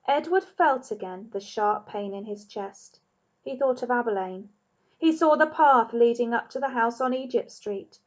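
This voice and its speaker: A woman teacher reads a children's novel aloud, calm and expressive, pacing the story for young listeners. Her voice is fairly high. The recording is dull and muffled, like a low-quality home setup. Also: moderate pace. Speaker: primary school teacher.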